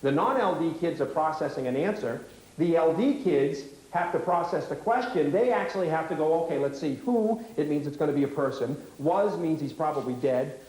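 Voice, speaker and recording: Brisk man teaching in an echoey hall. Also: on the high side, darkish tone. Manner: brisk, rapid-fire questioning. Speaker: workshop leader. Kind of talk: teaching workshop with audience role-play.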